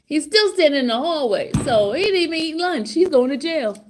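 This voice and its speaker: A middle-aged woman vlogging casual commentary outside a courtroom, excited and laughing, repeating herself. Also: high voice, brisk, background noise. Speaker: trial vlogger. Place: outside a courtroom, hallway area.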